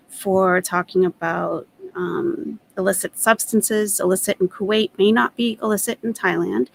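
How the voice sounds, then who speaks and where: A woman's voice: fairly low pitch, gravelly, a little hiss or hum, low-quality recording. A woman hosting a commentary stream, addressing her chat firmly and earnestly as she sets rules for viewers. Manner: firm, earnest, moderating. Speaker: commentary channel host.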